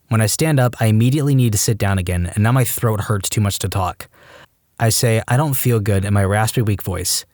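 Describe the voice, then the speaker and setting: Fast-reading man, low voice. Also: darkish tone, no room sound, studio quality. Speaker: story narrator. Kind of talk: reading reddit stories aloud.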